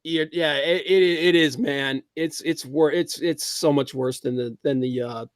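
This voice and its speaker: A man's voice: fairly high pitch, measured pace, dry recording. Opinionated man ranting on a dry mic. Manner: animated, opinionated, reads chat aloud. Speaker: podcast host. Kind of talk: casual livestream commentary.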